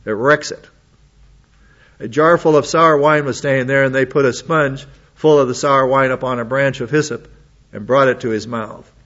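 A man gives a sermon at an average pitch, reading scripture aloud and then stepping out of it for quick, conversational asides. The recording is a bit dull and lo-fi. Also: fairly bright tone. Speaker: preacher. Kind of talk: sermon with Bible reading and commentary.

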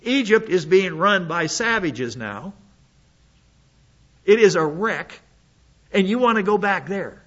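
A man's voice: sits high, lively intonation, slow pace, pauses often, a bit bright, muffled recording. A man preaching an expository sermon, reading scripture aloud and commenting on it with blunt sarcasm.

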